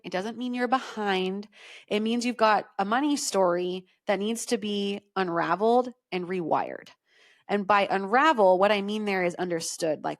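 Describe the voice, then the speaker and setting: Emphatic woman podcast host coaching listeners. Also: medium pitch. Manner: conversational, emphatic, frequent "okay?" check-ins. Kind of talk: solo podcast teaching.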